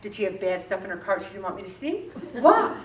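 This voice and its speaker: A middle-aged woman leading a faith-based weight loss group, talking in an animated way and acting out bits of dialogue. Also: medium pitch, fairly quick. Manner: animated, acts out dialogue with voices. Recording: echoey room, distant mic, faint background noise.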